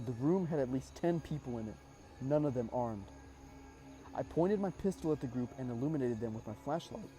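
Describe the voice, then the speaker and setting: A horror story narrator recounts a spooky war story in the first person, measured and suspenseful with casual asides. His voice is dark and mellow at a middle pitch, and soft music plays beneath it.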